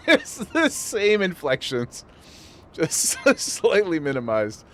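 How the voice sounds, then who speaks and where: A man's voice: on the high side, very animated, a little slow. A man streaming a game, chatting casually with viewers and laughing often. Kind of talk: casual live-stream chat while gaming.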